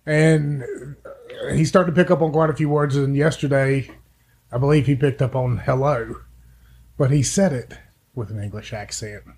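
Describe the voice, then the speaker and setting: Gravelly Appalachian man, dry humor. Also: medium pitch, fairly even intonation, normal speed, darkish tone. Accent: Appalachian American. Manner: dry joking, folksy. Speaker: podcast co-host. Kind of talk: casual chat.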